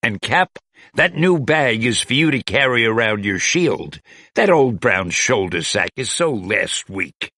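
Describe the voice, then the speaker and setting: A man's voice: mid-range voice, big pitch swings, measured pace, sharp tone, no room sound, clean studio sound, full character voice. A man reading a storybook aloud and voicing a cheerful, fashion-loving superhero woman in a chatty manner. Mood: chirpy.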